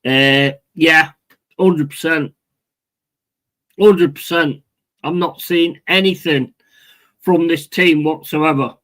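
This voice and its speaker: On a rough recording, a man with a fairly high, slightly bright voice talks slowly and steadily, leaving long pauses. He's hosting a football watch-along, swearing nonstop, repeating himself and responding angrily to viewers.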